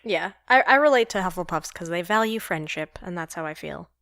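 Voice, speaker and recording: A woman's voice: on the low side, a little fast, no room sound, studio quality. Laughing easygoing female podcast co-host. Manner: laughs easily, relaxed and friendly. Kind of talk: casual chat.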